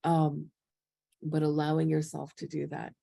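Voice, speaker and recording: A woman in her thirties, a spiritual healer talking casually to her viewers and acting out quoted lines in lively voices. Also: low voice, unhurried, vocal fry, slightly rough, dry recording, studio quality. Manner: chatty and animated, quoting others in lively voices. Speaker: spiritual healer and channel host.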